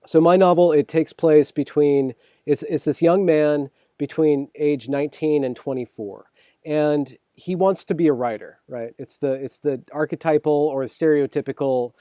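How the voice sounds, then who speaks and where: A man thinking aloud in casual conversation, restarting phrases and checking in with the listener. His voice is warm and mellow and sits a little high. The sound is dry and close. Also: normal speed, no echo. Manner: thoughtful, many restarts and "right?" checks. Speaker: host.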